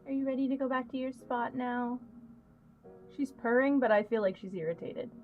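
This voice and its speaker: A young woman chatting casually on a livestream, soft-spoken and quick to laugh as she talks to her cats and her chat. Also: fairly high pitch, phone-quality sound, faint music behind.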